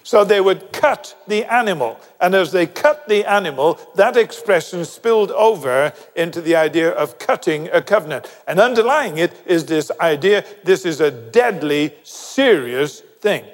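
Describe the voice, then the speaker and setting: An older man preaching a sermon, with animated, storytelling delivery and quick asides. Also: on the high side. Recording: long hall reverb.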